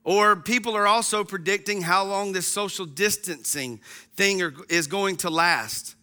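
A man's voice: sits high, measured pace, sharp tone, clean tone. A man in his thirties giving a casual, folksy sermon as a pastor to an online congregation, chatty with frequent ums.

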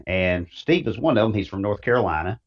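A man's voice: lowish voice, animated, fairly quick, slightly rough, dull audio. A man with an East Tennessee Southern accent, talking casually as a guest author in an interview, folksy and rambling with many fillers.

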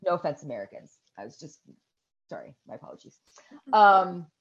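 A woman in her thirties co-hosting a podcast, casually retelling a movie scene by scene, swearing and shrieking the characters' yells. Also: lowish voice, fairly quick, dull audio. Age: 30s. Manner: animated storytelling with loud shrieks and swearing. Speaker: podcast co-host. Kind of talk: casual chat recapping a movie.

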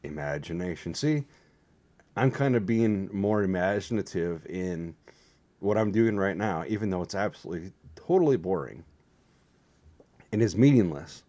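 Man, vlogger, deep voice, warm tone, meandering, self-deprecating, tired. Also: expressive, moderate pace. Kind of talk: rambling casual vlog.

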